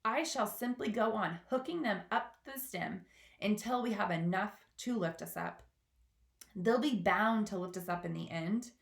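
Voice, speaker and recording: Woman reading as a calm, firm young boy. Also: mid-range voice, unhurried, vocal fry, roomy sound. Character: brave determined young boy.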